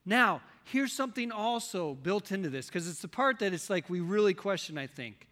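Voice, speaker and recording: Male preacher, slightly high and forceful, quizzes his congregation, recorded in a reverberant church hall. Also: lively intonation, moderate pace. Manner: questions the congregation, swings between loud and soft. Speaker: pastor. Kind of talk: sermon.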